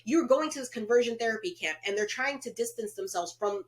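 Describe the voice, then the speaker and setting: A woman's voice: fairly high pitch, fairly quick. Chatty woman podcast co-host. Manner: animated, acts out quoted characters. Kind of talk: casual movie review chat.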